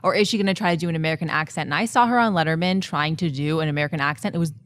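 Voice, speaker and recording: A woman's voice: low voice, very fast. A woman co-hosting a movie talk show, chatting casually and reading viewer emails aloud. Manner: chatty, with lots of short agreeing replies.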